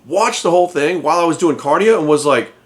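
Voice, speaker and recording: A man's voice: on the high side, lively intonation, fast talker. Heated, profane man ranting. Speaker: fitness coach and channel host. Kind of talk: ranting commentary to camera.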